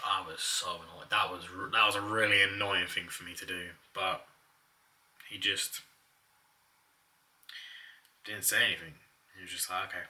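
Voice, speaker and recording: A man's voice: lowish voice, sharp tone, far from the mic. A young man telling personal stories in a casual, chatty way, often laughing as he talks. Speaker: vlogger.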